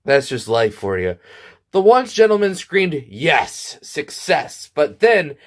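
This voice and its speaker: A man telling an absurd comic story in a deadpan, rambling way, full of restarts and asides. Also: fairly high pitch, a little slow.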